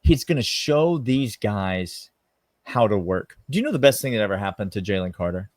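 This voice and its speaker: A man, co-hosting a casual sports podcast in an emphatic, animated way. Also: on the low side, moderate pace, no echo. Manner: emphatic, animated, drawls "y'all". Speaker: podcast co-host.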